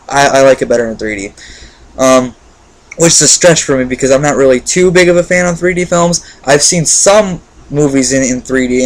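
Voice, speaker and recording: A man talking through a film review in a loose, unscripted way. His pitch sits in an ordinary middle range, and he stumbles, repeats himself and fills pauses with ums and uhs as he goes. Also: poor audio. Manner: rambling, many fillers and restarts; enthusiastic. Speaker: movie reviewer. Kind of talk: casual spoken movie review.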